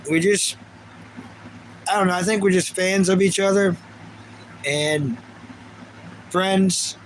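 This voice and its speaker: A man's voice: high voice, fairly even intonation, slow pace, a little hiss or hum. A man in his thirties livestreaming, chatting casually and reading out viewer comments in a rambling way. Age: 30s. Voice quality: rambling and chatty, with frequent restarts.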